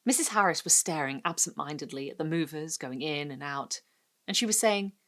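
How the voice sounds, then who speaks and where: Expressive woman reading a gothic story. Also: low voice, a little fast. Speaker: host and reader.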